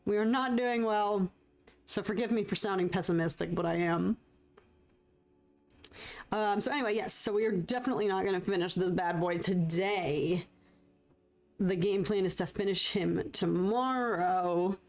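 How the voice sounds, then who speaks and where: A young American woman from the United States livestreams herself painting, chatting casually with viewers in a medium-pitched, slightly mellow voice at a moderate pace. She laughs often and thanks people in the chat.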